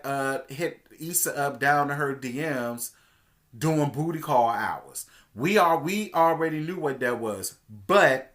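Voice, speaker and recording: Male TV recapper with a slightly high voice, sassy and chatty, with big swings between hushed asides and loud exclamations. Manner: sassy, chatty, addresses viewers as "girl". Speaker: TV show reviewer. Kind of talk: casual TV episode recap.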